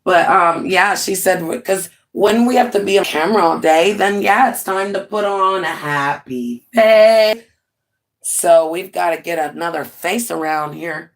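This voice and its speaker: A woman in her forties hosting a casual livestream from home, chatty and animated, often laughing and talking straight to her viewers. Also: lowish voice, measured pace. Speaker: livestream host.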